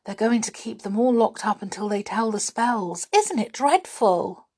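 A woman voicing a small, worried male red squirrel in a children's storybook, with a breathy voice. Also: fairly high pitch, lively intonation, unhurried, a little mellow, pitched above the performer's own voice, heavily acted.

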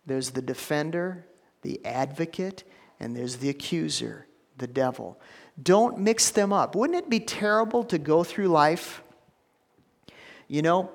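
A man preaching a sermon to a congregation, swinging between hushed, slow lines and loud, emphatic ones. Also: fairly high pitch. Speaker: pastor. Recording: long hall reverb.

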